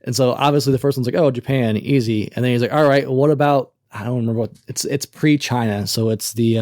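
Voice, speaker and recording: A man chatting casually as a podcast co-host, retelling scenes with lively swearing. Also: mid-range voice, fast talker, few pauses, no echo, clean studio sound. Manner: animated storytelling, acts out quoted characters, swears casually. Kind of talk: casual chat.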